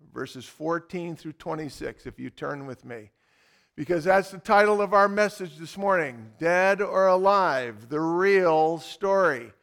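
Delivering a sermon in a fairly high voice, a male pastor dramatizes his own story with animation before shifting to the scriptures.

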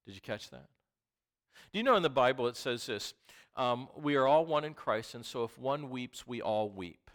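A man preaching a sermon who reads scripture and questions his listeners, dropping to a whisper and then rising to loud outbursts. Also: medium pitch, lively intonation, normal speed. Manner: swings from hushed whispers to loud impassioned outbursts.

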